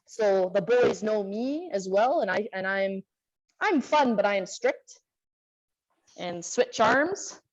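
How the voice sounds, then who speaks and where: A woman's voice: mid-range voice, expressive, slow pace, muffled recording. A woman instructor running a live online exercise class, chatting about her week while calling out moves and breathing cues. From Canada. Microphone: video call.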